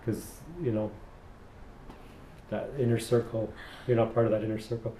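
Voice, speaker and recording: A man's voice: fairly low pitch, little pitch movement, moderate pace, mellow. Barber guy rambling on mid-haircut, repeats himself a lot, echoey shop with some hum. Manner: chatty storyteller, rambling and repeating phrases. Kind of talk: casual chat while cutting hair. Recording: echoey room.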